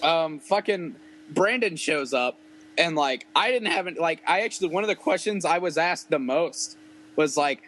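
Rambling, profane young man, high voice. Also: lively intonation, normal speed, fairly bright tone, low-quality recording. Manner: rambling, profane, laughs often. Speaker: podcast guest musician. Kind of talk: casual storytelling chat.

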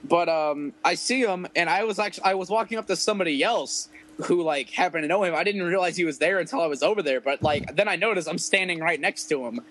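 Rambling, profane young man, high voice. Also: quick pace, a bit bright, rough recording. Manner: rambling, profane, laughs often. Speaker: podcast guest musician. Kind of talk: casual storytelling chat.

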